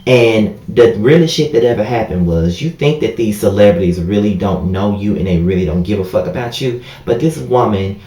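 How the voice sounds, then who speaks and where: A very low-pitched man tells a heartfelt story straight to his viewers in a casual vlog. He talks openly and emotionally, tossing in "y'all" and "you know what I mean." The room gives his voice a noticeable echo. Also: normal speed, hardly any pauses, warm tone. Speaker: vlogger. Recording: echoey room.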